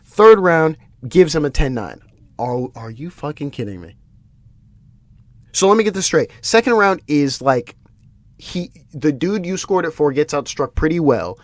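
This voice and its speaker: A man's voice: on the high side, big pitch swings, unhurried, no echo. A man hosting a solo podcast, ranting with exasperation, swearing and often restarting his sentences. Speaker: podcast host. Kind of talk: solo MMA podcast commentary.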